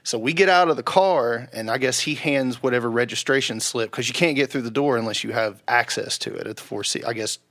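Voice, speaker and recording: A young man telling a rowdy story on a podcast, swearing freely and loudly acting out the people he quotes. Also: mid-range voice, fairly quick, few pauses. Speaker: podcast guest. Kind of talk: casual storytelling.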